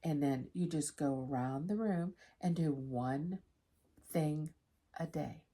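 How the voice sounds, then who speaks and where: A middle-aged woman with a slightly low voice talks candidly to her viewers in a relaxed, chatty way. She tells everyday stories frankly and directly, as if speaking to friends. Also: slow, slightly rough. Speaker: vlogger. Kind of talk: casual chat to camera.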